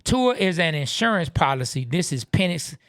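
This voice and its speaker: A man co-hosting a casual live-stream podcast, reading out viewer comments with relaxed asides. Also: on the high side, normal speed, dry recording, studio quality. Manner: laid-back, reads viewer comments aloud with asides. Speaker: podcast co-host.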